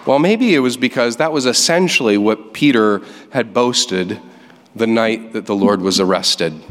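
A man preaching a sermon, reading scripture aloud and explaining it with lively emphasis. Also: fairly low pitch, a little slow, long reverb tail. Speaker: pastor. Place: church sanctuary.

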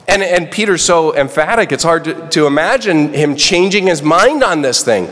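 A man preaching a sermon, animated and acting out the people he quotes in raised voices. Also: a little high, normal speed. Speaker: pastor. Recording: long reverb of a hall.

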